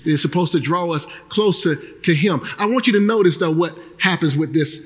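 A male pastor preaching a sermon, breaking into shouted emphasis and acting out the people he quotes. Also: a little high, brisk, big-room sound.

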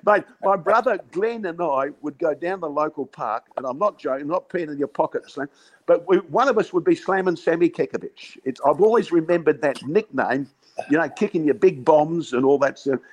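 A raised-pitch Australian man in his sixties, telling stories in a loose, laughing way. He keeps calling people mate and wanders from one yarn to the next as a guest on a chat. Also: moderate pace, low-quality recording. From Western Australia. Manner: yarning storyteller, laughs often, says "mate". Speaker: guest, former cricket captain. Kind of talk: casual chat.

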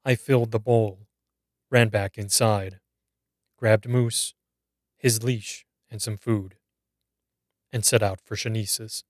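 A man narrating a scripted horror story in a measured, grave reading. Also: on the low side, fairly even intonation, no echo, clean studio sound.

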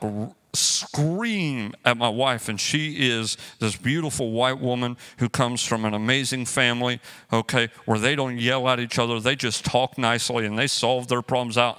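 A man's voice: mid-range voice, clean tone. A man preaching a sermon as pastor, joking and acting out everyday quarrels as he teaches. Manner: animated, joking storyteller who acts out quotes.

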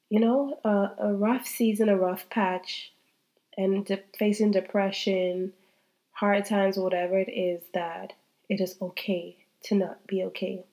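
A medium-pitched, slightly mellow voice belongs to a woman in her thirties who hosts a faith-based podcast. Still congested from a cold, she speaks candidly and sincerely, repeating herself as she addresses her listeners head-on.

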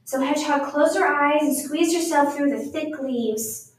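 High-voiced woman reading a children's story. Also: normal speed. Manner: lively, expressive. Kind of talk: storytime read-aloud. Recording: very echoey room, mic far off.

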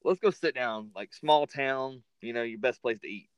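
A man's voice: mid-range voice, moderate pace, smooth, no room sound. Male interviewer, casual, dry recording, short easy questions. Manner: brief questions, easygoing. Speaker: podcast host.

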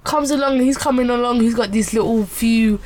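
A young woman chats on a podcast, her voice sitting high. She tells stories animatedly in casual slang. The recording carries a clear layer of background noise. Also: moderate pace, darkish tone. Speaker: podcast co-host. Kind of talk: casual chat.

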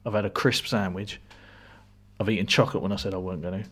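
A man chats on a podcast in a fairly low voice. He rambles through everyday stories, often dropping into quiet, mumbled asides. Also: fairly even intonation, fast, slightly rough. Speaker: podcast co-host. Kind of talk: casual chat.

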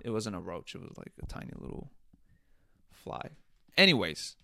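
A man's voice: low voice, big pitch swings, normal speed, gravelly, bright, forceful tone, no room sound, clean studio sound. A man hosting a podcast, delivering comedic commentary in an exasperated, profane rant. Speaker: podcast host.

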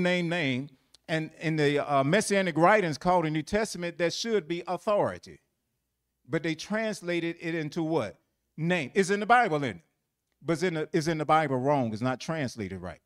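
A man's voice: fairly high pitch, moderate pace. A man teaching a Bible lesson, quizzing listeners with fill-in questions and repeating phrases for emphasis.

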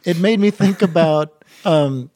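A man's voice: on the high side, measured pace, mellow, no room sound, studio quality. A man co-hosting a podcast, chatting casually and jokily about movies. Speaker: podcast co-host.

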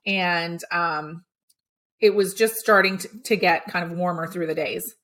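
A woman hosting a podcast, telling a personal story in a lively, animated way. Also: measured pace. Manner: animated storytelling, acts out quotes with big pitch jumps. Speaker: podcast host.

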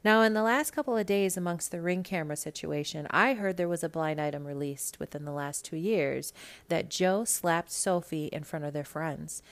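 On her gossip podcast, the Minnesota host rambles in a casual monologue at a moderate pace. Her low voice carries plenty of vocal fry, and her manner is blunt, sassy, and full of swearing.

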